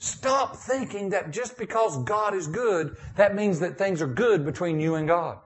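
A man preaching a sermon as pastor, moving between emphatic and hushed tones. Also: sits high, lively intonation, a little slow. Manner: preaching with rising and falling intensity, dropping to a hushed prayer.

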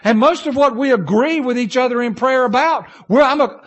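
A male pastor preaching a sermon, telling stories and swinging between loud bursts and low asides. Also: lively intonation, quick pace.

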